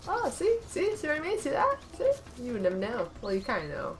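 A woman's voice: high voice, huge pitch swings, a little fast. A woman giving casual let's-play commentary, sarcastic, talking back to the game, laughing and yelping often. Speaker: gameplay commentator.

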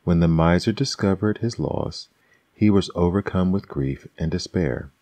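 A man reading fables aloud as an ASMR bedtime storyteller, soft and unhurried. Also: low-pitched, no room sound.

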